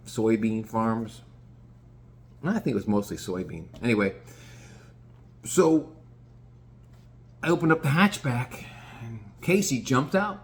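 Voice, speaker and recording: A man telling a casual story in an animated, swearing manner. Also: medium pitch. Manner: animated, swearing, lots of restarts. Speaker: vlogger.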